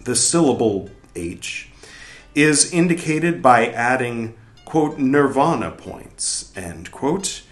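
A man reading a text aloud slowly and deliberately, saying "quote" and "end quote" and pausing now and then to comment. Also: mid-range voice. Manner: pauses to comment on the text with small asides. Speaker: reader of a text on Buddhist mantras. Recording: roomy echo, faint music behind.

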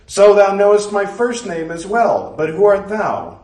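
A woman's voice: mid-range voice, big pitch swings, unhurried, dark tone, voice pushed up. A man reading a story voices a blunt young woman who speaks in old-fashioned thee-and-thou English. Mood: curt, urgent. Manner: archaic thee-and-thou speech, curt. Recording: roomy, distant mic.

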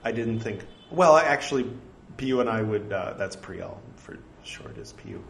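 A man with a lowish, creaky voice and lively intonation recites scripture at normal speed, reading the punctuation aloud. He breaks off for wry, self-mocking, apologetic jokes, in an echoey room with faint ambient noise.

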